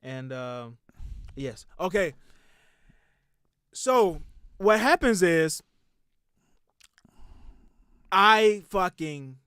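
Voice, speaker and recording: A young man hosting a podcast, telling a long story in a loud, profane, animated way that drops to muttering. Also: high voice, drawn-out words, clear, resonant tone, no echo, studio quality. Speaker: podcast host.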